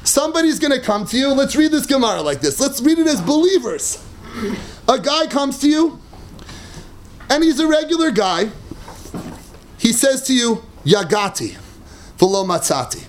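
A man teaching a Talmud class, animated and emphatic, mixing Hebrew and Aramaic terms into English and laughing at his own points. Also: very high voice, moderate pace, pauses often, a little hiss or hum. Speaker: Torah teacher.

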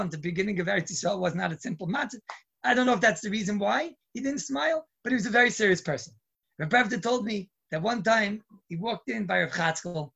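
A man telling stories to children in a lively, chatty, digressive way. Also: high-pitched, vocal fry, breathy edge. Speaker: storyteller. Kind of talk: casual storytelling to children.

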